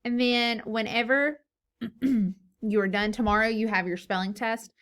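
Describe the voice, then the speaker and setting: A woman teacher leading a phonics lesson for young children, slow and encouraging, sounding out words syllable by syllable. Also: a little high, steady tone, a bit bright, smooth. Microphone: recorded lesson video.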